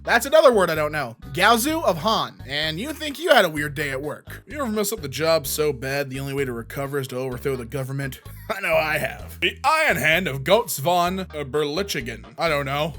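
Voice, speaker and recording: Man, comedic post reading, lively pitch, bright tone, faint background music. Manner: animated, jokey, shouts punchlines and does quick silly voices. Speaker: host reading posts aloud.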